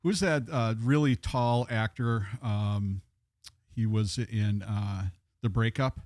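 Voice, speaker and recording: A man's voice: lowish voice, slow, a little mellow, no echo. Man, podcast co-host, rambling anecdotes, lots of uh and um, dry close sound. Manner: rambling storyteller, many fillers. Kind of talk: casual chat.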